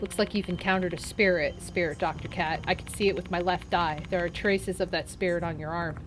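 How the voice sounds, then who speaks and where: A woman voicing an aloof teenage boy who sees spirits, reading game dialogue with calm, grave, formal warnings. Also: lowish voice, a little fast, music in the background, natural voice, rough recording.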